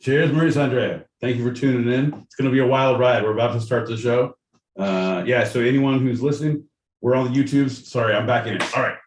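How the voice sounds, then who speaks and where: A man's voice: mid-range voice, steady tone, a little fast. Joking man in an echoey room. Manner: joking, loose, rambling. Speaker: podcast host. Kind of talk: casual live-stream chat. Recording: echoey room, distant mic, faint noise.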